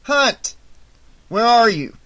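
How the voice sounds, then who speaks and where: A man voicing a skeptical small-town sheriff who talks loudly, brusquely and with scorn in an audiobook reading. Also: sits high, expressive, a little slow, voice pushed up, exaggerated voice. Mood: barking orders. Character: gruff small-town male sheriff, skeptical and short-tempered.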